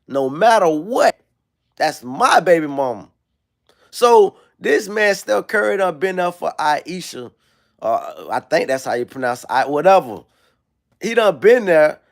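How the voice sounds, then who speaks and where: A man hosting a livestream, ranting in a casual, profane and slangy way. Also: on the high side. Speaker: livestream host. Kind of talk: casual rant.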